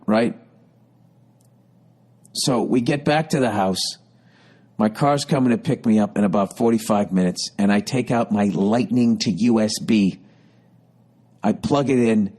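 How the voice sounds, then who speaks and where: A man in his fifties, a podcast host telling a comic story in an exasperated, profane rant. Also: mid-range voice. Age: 50s.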